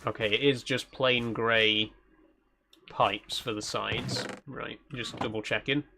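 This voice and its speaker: A man from South Yorkshire with a mild Yorkshire accent, live-streaming a game and chatting as he goes. He thinks aloud in a casual, rambling way at a mid-range pitch. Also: fairly even intonation, slow, creaky, pushed and bright, a little hiss or hum. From South Yorkshire, England. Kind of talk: casual live-stream commentary while playing.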